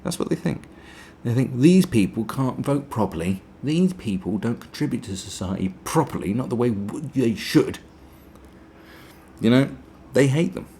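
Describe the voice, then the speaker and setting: A man's voice: mid-range voice, animated, normal speed, vocal fry, mellow, slight background noise. A man from Britain hosting a podcast, ranting sarcastically, swearing and mimicking people in mocking voices. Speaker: podcast host. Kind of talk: opinionated podcast monologue.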